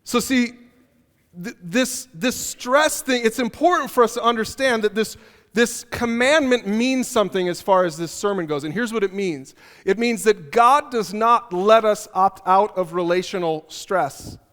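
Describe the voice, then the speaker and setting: A man's voice: high-pitched, a little slow, fairly bright tone. A man pastor giving a conversational sermon in a church auditorium, telling stories with humor and repeating his key phrases. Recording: long hall reverb.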